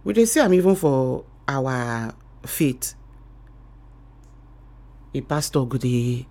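A woman's voice: rumbling low, lively intonation, slow pace, pauses often. A woman with a Nigerian accent hosting a morning radio show, giving motivational talk in a preachy way and calling her listeners darling and sweetheart. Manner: rhythmic repetition, swings between loud and quiet.

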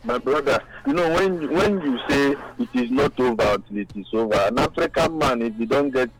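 Opinionated Nigerian radio caller. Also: male voice, medium pitch, lively intonation, a little fast, rough recording. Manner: opinionated, rambling. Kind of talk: casual phone-in opinion.

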